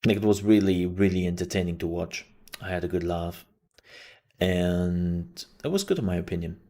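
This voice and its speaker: A man's voice: sits low, normal speed, warm tone. A man hosting a live stream, chatting casually and rambling, with many fillers and restarts. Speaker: streamer and news show host.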